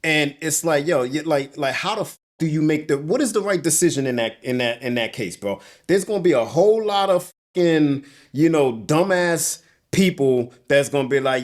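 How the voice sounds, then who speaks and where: A man's voice: a little high, lively intonation, moderate pace. A young man, a guest on an interview show, telling a story indoors from a couch in an agitated, profane way, often saying "bro". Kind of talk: emotional storytelling.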